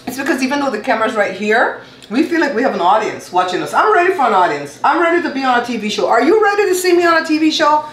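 In a high, sing-song voice at a quick pace, a Belizean woman in her fifties chats and teases with a playful laugh while hosting her home cooking show. It's casual kitchen talk, and the room sounds echoey.

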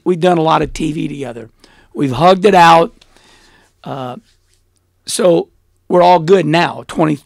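A middle-aged man recounts his past in a casual podcast interview. His voice sits high with a gravelly fry. He talks bluntly and animatedly, and the sound is close and dry. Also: dry recording. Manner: animated, blunt, laughs often. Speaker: interview guest, former race car driver.

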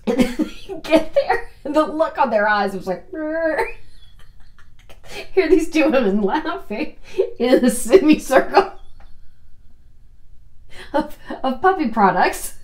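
A woman recounts a personal mishap in a relaxed, unhurried way, her pitch leaping up and down as she goes. She breaks into laughter often. The room around her rings with echo. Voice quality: laughs often, slow and animated, drawn-out phrasing. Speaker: storyteller host. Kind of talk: casual personal anecdote.

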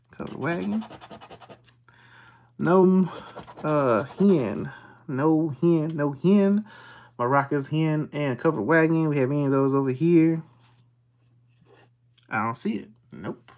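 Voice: mid-range voice, darkish tone, slight background noise. A livestream host, casually reading out symbols one by one and greeting viewers in the chat.

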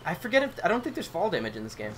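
A man's voice: high-pitched, wildly swooping pitch, racing. A young man hosting a casual video game session, chatty and swearing when things go wrong. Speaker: channel host and gamer. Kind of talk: casual gameplay commentary. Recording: noisy gameplay capture.

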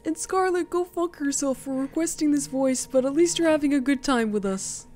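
A woman putting on a showy high frog voice. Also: normal speed, darkish tone, soft background music, natural voice. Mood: grandiose. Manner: theatrical, grandiose, mock-formal. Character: high-pitched showy frog host, theatrical and grand. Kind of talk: character voice on a game stream.

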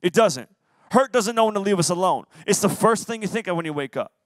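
A young man preaches to a youth group with a high voice. The sound is dry and close to the mic. He keeps it playful and acts out quotes as he goes. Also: lively intonation, fairly quick, fairly bright tone, dry recording. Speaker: youth pastor. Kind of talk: youth sermon. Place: church youth service.

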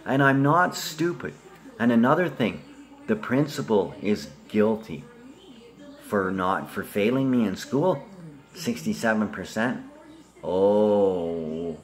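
Man, rambling profane monologue, lowish voice, skips from topic to topic. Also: lively intonation, a little slow.

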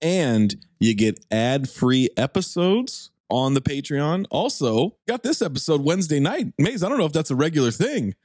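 A man hosting a movie podcast, joking loosely between quick promo reads. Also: fairly high pitch, big pitch swings, darkish tone, no echo, studio quality. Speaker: podcast host. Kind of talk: casual movie podcast banter.

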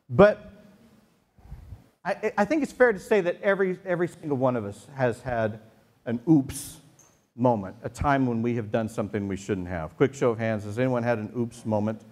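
A male pastor preaching a sermon to a congregation in a church, joking and telling stories in a conversational way. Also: medium pitch. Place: church sanctuary before a congregation.

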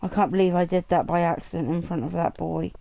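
A woman playing a video game alongside a friend, making dry teasing asides. Her voice is mellow and gravelly, and the recording sounds dull and lo-fi. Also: on the low side, fairly even intonation, fast talker. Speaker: co-player. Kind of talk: casual gameplay commentary.

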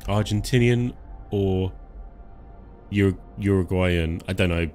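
A man's voice: low-pitched, takes it slowly, a little mellow, faint music behind. A man giving casual live commentary while playing a game, joking and chuckling as he talks to himself and his chat. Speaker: live-stream gamer.

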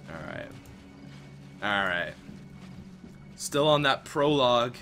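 A young man from Canada riffs through a shooter playthrough, echoing and mocking game dialogue. His pitch moves around a lot while his pace stays slow and loose. Soft game music plays underneath. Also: big pitch swings. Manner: joking, mimics game lines. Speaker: gamer playing a shooter. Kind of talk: casual gameplay commentary.

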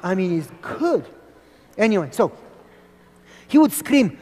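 A man preaching a sermon who tells stories in an animated way and asks the audience questions. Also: high voice, slow pace, in a large hall.

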